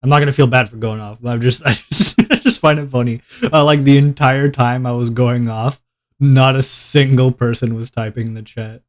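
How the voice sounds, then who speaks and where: A man's voice: medium pitch, steady tone, moderate pace. A male streamer chatting casually to his viewers while drawing, rambling and poking fun at himself with frequent laughs. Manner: rambling and self-mocking, laughs often.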